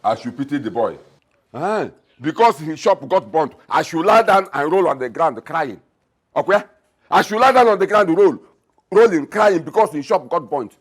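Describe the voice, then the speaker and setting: Husky, mocking Nigerian dad, middle-aged. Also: male voice, on the high side, animated, normal speed. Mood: scornful. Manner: mocking, scornful. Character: scornful middle-aged father, callous, domineering. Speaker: father. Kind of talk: film acting.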